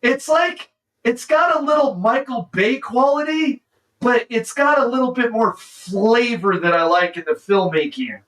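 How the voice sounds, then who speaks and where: High-pitched guy streamer gushing over a movie, says dude nonstop, a bit far from the mic. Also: unhurried. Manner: excitable, says "dude" constantly. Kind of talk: casual movie reaction commentary.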